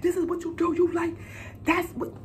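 A woman's voice: very high voice, level tone, moderate pace, a little hiss or hum, pitched above the performer's own voice. A woman voicing an older mother who is furious and sobbing, shrieking her accusations. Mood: furious crying.

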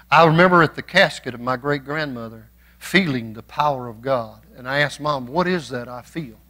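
Fiery, bright-voiced male preacher. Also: on the high side. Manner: shouting, preaching with rising passion; folksy storytelling with humor. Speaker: pastor. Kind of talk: sermon.

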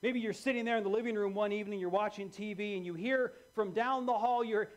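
Animated preacher with a lively voice. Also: male voice, sits high, moderate pace. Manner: animated, swings from hushed to loud. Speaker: pastor. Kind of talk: sermon. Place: church.

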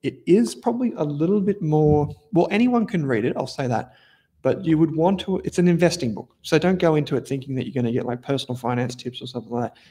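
This Australian man speaks fast, with a fairly high, mellow voice. He's an investment analyst running a laid-back investing livestream, reading viewer comments and chatting in a rambling, self-correcting way full of casual slang.

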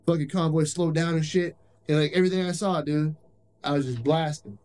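A young man with a fairly high voice tells rough war stories, full of swearing and rambling asides. It sounds like a handheld camcorder recording made on a military base. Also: brisk, a little mellow, low-quality recording. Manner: profane, rambling, laughs while telling. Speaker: soldier. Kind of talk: casual war story.

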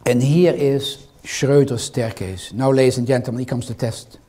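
Lecturing interactively in a hall, an older man with a foreign accent teases and quizzes his audience. He keeps a moderate pace and a steady tone in a mid-range, mellow voice.

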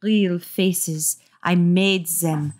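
A woman with a sore throat voicing a sinister older male mask-maker in a slow, mournful put-on French accent. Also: on the low side, steady tone, a little mellow.

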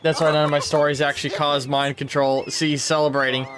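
A gameplay streamer gives playful, casual let's-play commentary, muttering to himself and occasionally doing silly voices. His voice is a little high with little pitch movement, he talks fast, and the background is noisy.

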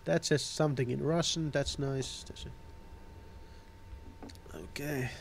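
A man's voice: medium pitch, fairly even intonation, slow, vocal fry, pauses often, a little hiss or hum. A man doing casual let's-play commentary, sarcastic and swearing as he laughs at the game. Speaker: gameplay commentator.

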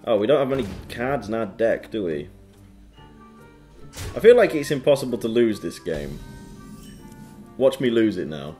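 A man's voice: lowish voice, big pitch swings, normal speed, long pauses, warm tone, faint music behind. A man hosting his own gaming channel, casually commenting on a card game with playful quips and goofy sound effects while reading card text aloud.

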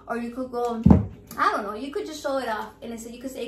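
A woman, vlogging casually, loud and profane and mixing with Spanish. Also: a little high, fairly even intonation, a little fast. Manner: loud, profane and playful, switching between English and Spanish. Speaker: vlogger running a raffle. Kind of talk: casual vlog chat. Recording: echoey room with faint background noise.

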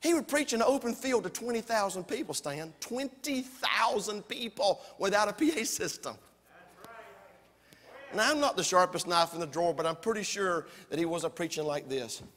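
Loud, bright-voiced preacher man. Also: high voice, lively intonation, normal speed, big-room sound. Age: 40s. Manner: loud, shouting delivery with folksy humor. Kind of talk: fiery sermon. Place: church sanctuary.

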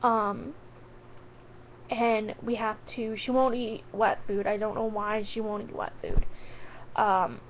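A tearful woman pleading in a vlog, halting with many ums and restarts and on the verge of crying. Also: mid-range voice, flat delivery, slight background noise. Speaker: vlogger. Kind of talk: emotional direct-to-camera vlog. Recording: dull lo-fi sound.

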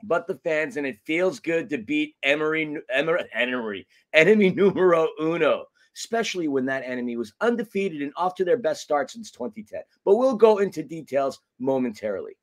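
A man hosting a soccer fan podcast in a casual, joking way. His voice sits a bit high for a man, and he delivers his introductions with playful flourish. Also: lively intonation, brisk, hardly any pauses. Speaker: podcast co-host. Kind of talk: casual sports podcast chat.

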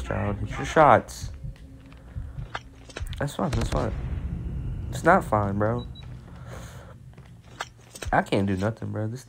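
A man giving casual, excitable gameplay commentary, full of slang and self-mocking trash talk, with game gunfire behind him. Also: lowish voice, vocal fry, background noise. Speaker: gameplay streamer. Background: game gunfire and explosions.

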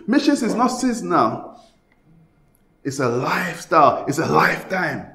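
A man from Ghana preaching a sermon as pastor, swinging between loud passionate bursts and hushed pleading. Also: high-pitched, brisk, reverberant.

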